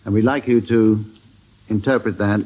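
A man's voice: lowish voice, fairly even intonation, normal speed, darkish tone. A man chairing a comic radio panel game in a dry, mock-formal manner, chuckling at his own lines. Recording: dull, very noisy old radio recording.

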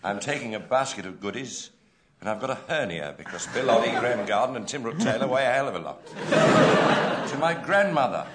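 Man, playful mock-drama, lively pitch, loud background noise. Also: brisk. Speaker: comedy panelist. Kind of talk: improvised comic storytelling. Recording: roomy stage sound with loud noise. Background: audience laughter.

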